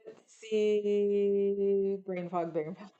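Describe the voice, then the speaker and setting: Speaking very slowly with fairly even intonation, this middle-aged Californian woman has a mid-range voice whose tone is dark and clean, though the audio is dull. She chats in a rambling, casual way on her livestream, reading the viewers' comments aloud.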